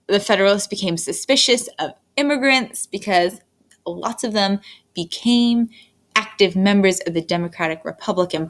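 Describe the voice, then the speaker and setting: A woman teaching a history lesson in a recorded lecture, talking in an unhurried, fairly monotone way with frequent fillers and restarts. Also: medium pitch. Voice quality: monotone delivery. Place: indoors, screen-recorded lecture.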